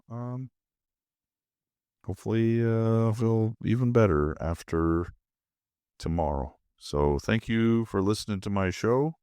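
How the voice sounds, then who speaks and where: In his home movie room, a podcast host drifts through a drowsy, half-asleep ramble, laid-back and meandering. His lowish, darkish voice has lively intonation and a moderate pace with long pauses, recorded dry in clean studio sound.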